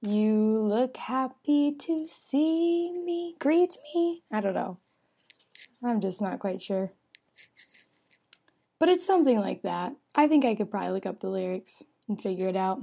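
A woman's voice: mid-range voice, lively intonation, unhurried, gravelly, warm tone. A woman in casual chat, teasing her co-host in a dry way.

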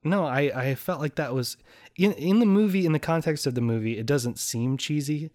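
A woman's voice: deep voice, normal speed, mellow. Giggly rambling woman chatting. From American South. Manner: giggly, rambling, jumps into sung and acted bits. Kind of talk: casual chat.

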